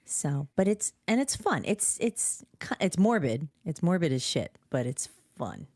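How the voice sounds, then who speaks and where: A woman's voice: low-pitched, very animated, measured pace, darkish tone, no echo, studio quality. A woman co-hosting a podcast, chatting casually, giggly and supportive as she explains things plainly. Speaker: podcast co-host. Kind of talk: casual chat.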